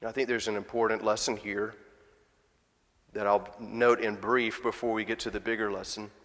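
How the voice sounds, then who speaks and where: Conversational pastor in a reverberant church. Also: male voice, lowish voice, flat delivery, normal speed, fairly bright tone. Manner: conversational, with rhetorical questions. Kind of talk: sermon. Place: church sanctuary.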